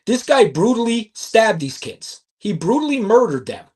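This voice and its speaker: A man's voice: high voice, big pitch swings, moderate pace, darkish tone, husky. A man co-hosting a casual true-crime discussion, talking emphatically over a remote call. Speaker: co-host.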